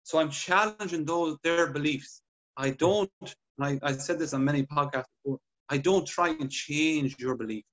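A man chatting on a podcast, telling patient stories with lively acted-out dialogue. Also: on the high side, normal speed. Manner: animated storytelling, acts out patient dialogue. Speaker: podcast guest clinician. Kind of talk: casual podcast chat.

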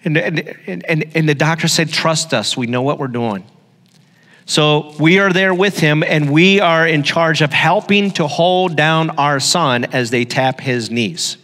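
A man's voice: a little high, a little slow, hardly any pauses, fairly bright tone. Middle-aged male pastor, storytelling sermon with emphatic repetition, reverberant church hall.

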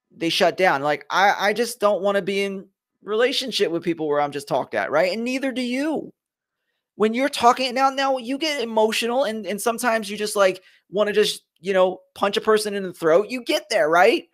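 A man's voice: sits high, expressive, a little fast, a bit bright. A man from Philadelphia hosting a motivational live stream, speaking earnestly and with emphasis straight to his viewers. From Philadelphia, USA. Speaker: host of a leadership live stream.

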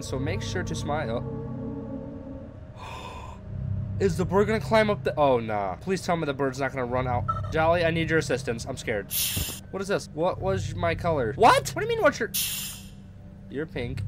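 Animated man yelling through a horror game. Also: a little high. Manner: animated, scolding his drone, screams when scared. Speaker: gaming YouTuber. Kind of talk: horror game let's play commentary. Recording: music playing behind voice. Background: game music.

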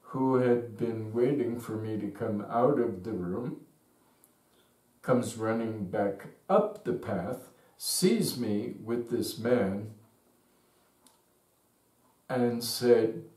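A man telling a personal story as a slow, thoughtful reminiscence. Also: on the low side, dark tone. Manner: unhurried, thoughtful. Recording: roomy echo, distant mic.

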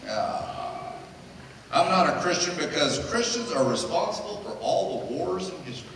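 A middle-aged man, a pastor, preaching in a lively, joking way and acting out the people in his stories. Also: fairly high pitch, moderate pace. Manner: animated, jokey storyteller acting out quotes. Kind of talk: sermon with storytelling. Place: church hall. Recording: echoey hall, distant mic, noisy.

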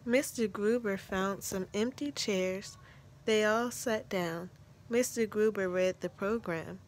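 Woman narrator for a children's book read-aloud, unhurried, mid pitch, gentle and measured. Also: slight background noise. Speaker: storybook narrator.

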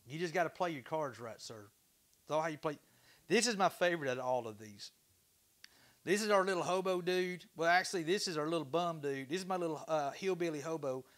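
A high-pitched man with a bright, forceful voice hosts a casual livestream from his workshop. He talks to his viewers in an excitable, chatty way and swears freely. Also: brisk. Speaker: livestream host. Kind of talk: casual livestream chat while woodturning.

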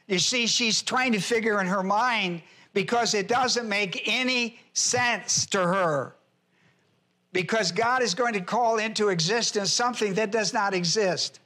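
A man's voice: high-pitched, unhurried, pushed and bright. A male pastor teaching a Bible lesson who repeats key phrases for emphasis, spells out Greek words letter by letter and speaks to his listeners directly in plain, informal grammar.

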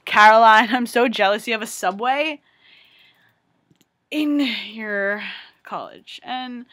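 Young woman, vlogger, chatty, excitable, crisp bright tone, fairly high pitch. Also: takes it slowly, pauses often. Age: young adult. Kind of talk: casual vlog chat.

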